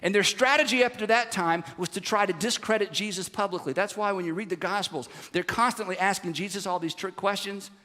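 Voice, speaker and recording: A man preaching a sermon, animated and conversational, throwing rhetorical questions to the congregation. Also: sits high, fairly quick, few pauses, in a large hall. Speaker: pastor. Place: large church sanctuary.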